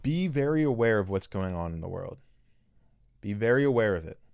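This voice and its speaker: This man's lowish voice is expressive and a little fast, with vocal fry and a clear, resonant, slightly mellow tone, free of echo. Hosting a podcast live stream where he reads viewer comments, he gives an earnest spiritual teaching monologue, coaching listeners directly with heavy repetition.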